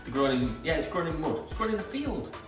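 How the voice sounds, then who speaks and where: Very fast and sing-song, on the high side, the Yorkshire-accented seller raves about his fresh produce during a casual demonstration. The sound is echoey and distant, with faint music behind him.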